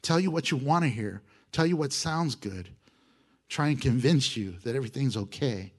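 Animated preacher, a man with a lively voice. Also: medium pitch, normal speed. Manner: animated, exhorting, with chuckles. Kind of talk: sermon.

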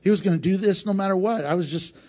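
A man preaching a sermon, swinging between emphatic loud lines and hushed, quieter passages. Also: sits high, quick pace. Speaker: pastor. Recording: dull lo-fi sound.

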